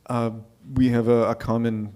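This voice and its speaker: A man's voice: mid-range voice, flat delivery, moderate pace, warm tone, clear, resonant tone. A man hosting a live open mic, thanking a storyteller and introducing the next one in a reflective way. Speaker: host.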